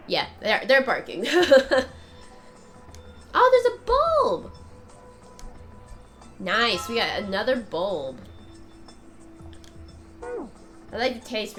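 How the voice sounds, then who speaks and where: A chatty woman streaming a game, her nose stuffed up, rambling along and laughing often. Her voice sits at a middling pitch, with faint game music underneath. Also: sing-song, a little slow, long pauses, bright, forceful tone. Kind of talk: casual gameplay commentary.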